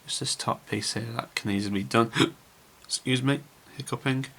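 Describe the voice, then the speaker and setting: A man's voice: medium pitch, brisk, a bit bright. A man casually narrating his scale model build to viewers, chatty and rambling with frequent filler words.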